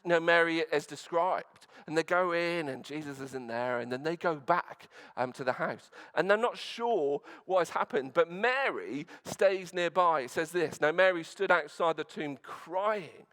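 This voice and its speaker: A male pastor delivers a sermon in a church, retelling the story in an earnest, conversational way. He often restarts his sentences and drops in fillers as he goes. His voice sits a little higher than most men's. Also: expressive, moderate pace, hardly any pauses, fairly bright tone.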